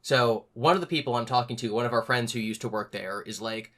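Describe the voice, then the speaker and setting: A young man hosts a casual podcast chat. His voice is bright and forward. He tells stories with lively energy and raises his voice to act out what others said. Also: medium pitch, brisk. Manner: animated, acts out other people's lines in a raised voice. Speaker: podcast host.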